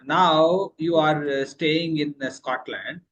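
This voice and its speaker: A man hosting an interview, asking questions with hesitant pauses. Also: on the high side, a bit bright. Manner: hesitant, many uh fillers. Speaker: interview host.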